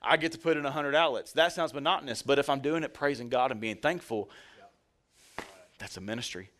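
A male pastor preaching at a middle pitch in a relaxed, conversational manner. He jokes and addresses the congregation directly as he speaks. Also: fairly quick. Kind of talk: sermon.

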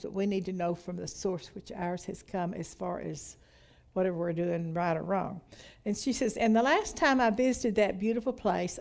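A woman's voice: mid-range voice, darkish tone. A middle-aged woman teaching a women's Bible study, reading from a book and commenting with hallelujahs. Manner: reads aloud from a book and comments, with frequent hallelujahs and laughter.

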